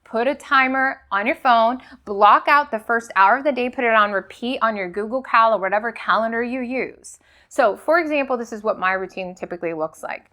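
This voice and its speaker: A woman with a fairly high voice hosts a motivational business talk. She coaches her listeners through rhetorical questions and keeps checking in with "okay?". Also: a little fast, pushed and bright.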